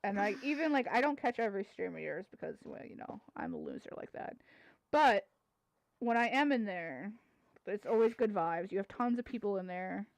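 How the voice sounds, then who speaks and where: A woman's voice: medium pitch, animated, brisk, gravelly, no echo, low-quality recording. A woman hosting a casual live-stream podcast, chatty and upbeat, often laughing.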